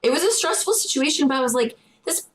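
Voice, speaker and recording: A woman's voice: sits high, expressive, fast, a little hiss or hum, low-quality recording. A young adult woman, co-hosting a podcast, telling a story animatedly and acting out quotes in a raised voice. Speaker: podcast co-host. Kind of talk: casual storytelling chat.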